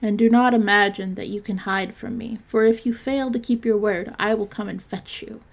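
A woman's voice: mid-range voice, fairly even intonation, normal speed, vocal fry. A woman voicing an angry male beast who rules an enchanted palace, speaking sternly and grimly in a storybook reading. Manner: stern, threatening, grim.

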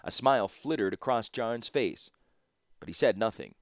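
A man narrating an audiobook in a measured, steady storytelling manner. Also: lowish voice, no echo, studio quality.

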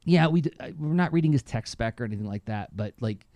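A middle-aged man talking casually as a podcast co-host, telling stories with lively enthusiasm. His voice is mellow and warm, and the sound is close and dry. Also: fast talker, no room sound. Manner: animated, enthusiastic storyteller with lively pitch jumps. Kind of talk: casual chat.

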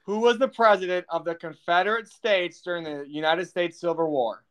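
A man's voice: high voice, moderate pace, fairly bright tone, clear, resonant tone. A young man co-hosting a podcast, quizzing his partner in a teasing, casual way and laughing often. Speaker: podcast co-host and quizmaster. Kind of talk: casual chat.

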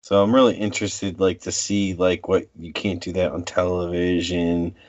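A man in his forties co-hosting a casual chat, rambling and halting with many fillers, in a dull, muffled recording. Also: low-pitched, level tone, dry recording.

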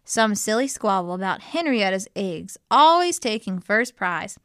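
A woman's voice: medium pitch, sing-song, unhurried, a bit bright, clean tone, no room sound. Casting: blustery old rooster colonel, pompous, voiced by a woman reading a storybook, dry sound. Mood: confiding. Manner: blustery, strutting.

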